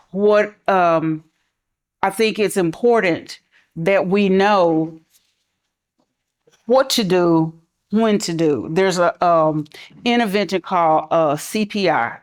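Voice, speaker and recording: A middle-aged woman who works in schools, speaking conversationally on a panel and softening her voice for examples. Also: fairly low pitch, unhurried. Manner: conversational, relaxed, drops to a soft calm voice for examples. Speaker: school mental health professional. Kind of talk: panel talk.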